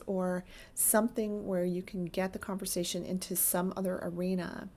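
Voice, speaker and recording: A woman's voice: mid-range voice, little pitch movement, normal speed, dark tone. A woman therapist giving earnest, emphatic advice straight to camera, stacking up lists to make her points. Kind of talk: direct-to-camera advice talk.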